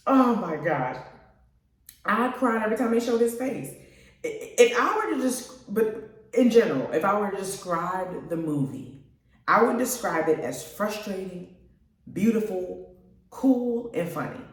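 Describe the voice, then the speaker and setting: A woman's voice: mid-range voice, lively intonation, a little slow. A woman hosting a radio show, chatting casually and gushing to her listeners about a movie. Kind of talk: casual movie review chat. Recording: very echoey room, mic at a distance.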